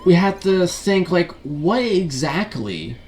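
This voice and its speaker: A man's voice: high voice, big pitch swings, slow, darkish tone, slight background noise. A man ranting as a gaming video commentator, frustrated and profane, full of rhetorical questions and repeated fillers.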